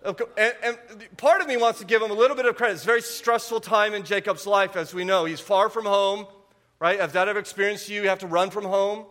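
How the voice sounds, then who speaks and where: A man in his forties preaching a humorous sermon to a church congregation, full of quick asides and repeated "okay?". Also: sits high, steady tone, fairly bright tone. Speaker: pastor. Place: church sanctuary.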